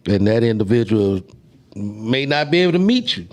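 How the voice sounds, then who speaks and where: A man co-hosting a relationship talk show, speaking in a relaxed, conversational way. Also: on the low side, normal speed. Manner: relaxed, conversational, some restarts. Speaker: co-host.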